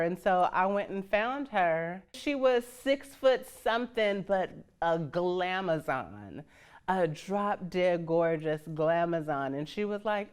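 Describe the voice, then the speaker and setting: This is personal storytelling from a woman in her fifties from Northern California, who openly describes her life and impersonates those she quotes. Frank and salty, she laughs as she speaks, her voice low, clear, and resonant.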